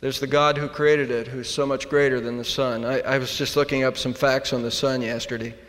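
A man preaching a sermon, swinging between hushed, quiet passages and loud, emphatic declarations. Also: mid-range voice. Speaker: pastor. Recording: long hall reverb.

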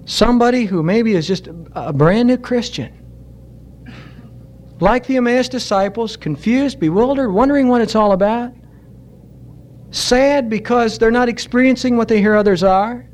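A man with a fairly high voice preaches a Sunday sermon in church. He urges his congregation earnestly and slows down to drive each point home. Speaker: pastor.

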